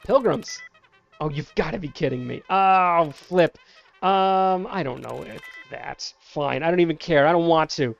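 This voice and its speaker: Casual gameplay commentator, man, slightly raised pitch, teasing parental tone toward game characters; faint music bed. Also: unhurried, gravelly. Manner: playful, talks to game characters like a scolding parent. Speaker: gameplay streamer. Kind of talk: casual let's-play commentary.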